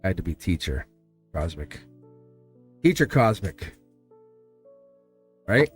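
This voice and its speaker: A middle-aged man hosting a live tarot reading, rambling and upbeat, his voice hoarse and cracking. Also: deep voice, sing-song, slow pace, soft background music. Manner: rambling, upbeat, repeats himself. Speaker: tarot reader and host.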